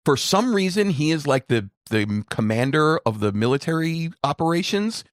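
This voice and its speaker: A man's voice: on the high side, very animated, moderate pace, no echo, clean studio sound. A middle-aged man co-hosting a casual movie-review podcast, rambling with restarts and frequent laughs. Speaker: podcast co-host.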